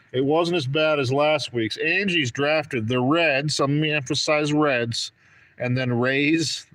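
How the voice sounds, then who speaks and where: A man's voice: fairly high pitch, pushed and bright, a little hiss or hum. A man hosting a live trading card break stream, chatting and joking with viewers by name as he calls out draws. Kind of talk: casual live-stream commentary.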